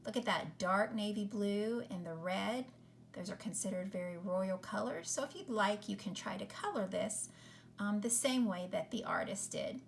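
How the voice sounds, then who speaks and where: A woman teacher leading a children's phonics lesson, slowly sounding out words and counting syllables. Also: medium pitch, vocal fry, slight background noise. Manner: slow, carefully sounding out words.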